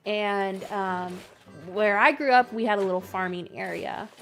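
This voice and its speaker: A woman's voice: mid-range voice, measured pace, soft background music. Chatty woman with a Canadian-Southern accent. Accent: mixed Canadian and Southern Louisiana. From Canada, near Vancouver. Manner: chatty and self-deprecating, laughs often. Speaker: gaming content creator. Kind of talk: casual chat while playing, answering viewer comments.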